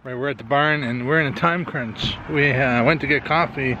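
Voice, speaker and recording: A man's voice: medium pitch, moderate pace, noisy background. A man, chatting casually as a vlogger at a horse barn. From Canada. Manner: chatty, explains as he goes. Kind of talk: casual vlog talk.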